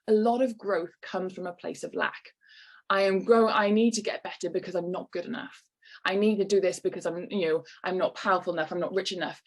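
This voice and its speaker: Woman, encouraging workshop speaker, middle pitch, video call. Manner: encouraging, lightly acts out quoted voices. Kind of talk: online workshop talk.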